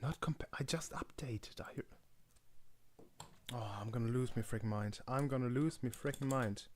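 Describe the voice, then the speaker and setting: A young man live-streaming, exasperated, swinging between muttered complaints and loud outbursts. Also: mid-range voice, normal speed, a little hiss or hum. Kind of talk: frustrated live-stream chatter.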